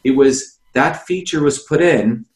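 A man's voice: medium pitch, a little slow, reverberant. A man guest on a video call, explaining insistently, asking rhetorical questions and addressing the host by name. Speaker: interview guest, former candidate.

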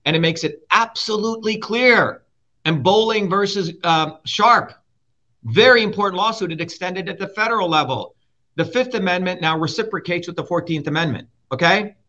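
A man's voice: high voice, moderate pace, sharp tone. Combative, profane man on a muffled line. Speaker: guest, political candidate. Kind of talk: heated interview talk. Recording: muffled lo-fi sound.

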